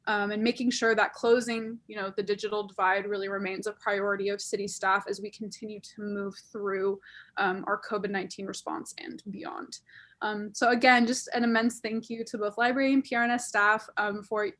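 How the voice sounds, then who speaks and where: A woman's voice: medium pitch, level tone, brisk, a bit bright. A woman from a council office giving an earnest, grateful update over a video call. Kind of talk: meeting report.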